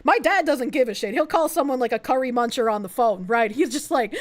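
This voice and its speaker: A young woman with a high, girlish voice, chatting to her stream audience. She rambles through her points, peppers them with fillers and swears, and keeps breaking into giggles. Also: a little fast, few pauses. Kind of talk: casual livestream chat.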